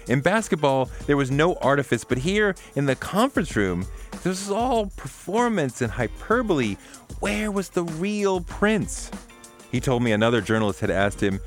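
A man reads his memoir as an audiobook in a wry, conversational way. His pitch is lively and swings widely as he tells the story. Faint music sits underneath the voice. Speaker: narrator.

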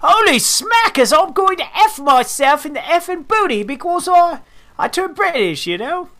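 A man voicing a put-on Australian woman angler in an exaggerated, excitable impression that drifts toward British. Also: extremely high pitch, normal speed, voice pushed up, full character voice. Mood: shrieking.

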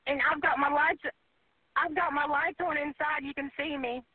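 A woman's voice: sits high, fairly even intonation, normal speed, dry recording. A woman, panicked and crying as she pleads with a 911 operator. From United States. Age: 40s. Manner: pleading, breathless nervous laughter. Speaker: 911 caller. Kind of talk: emergency phone call. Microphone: phone. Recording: tinny phone line.

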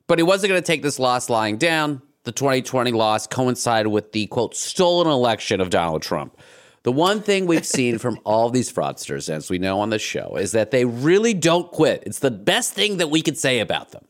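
A man's voice: medium pitch, very animated, moderate pace. A man with an ordinary mid-range voice hosts a comedy podcast. He narrates the story in a wry, sarcastic tone and keeps it casual. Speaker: podcast host.

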